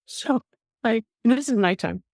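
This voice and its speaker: An older woman, a nurse appearing as an interview guest, tells stories with animation, acting out the voices she quotes and often saying "um." Her voice is a little high and her pace normal, captured dry in studio quality.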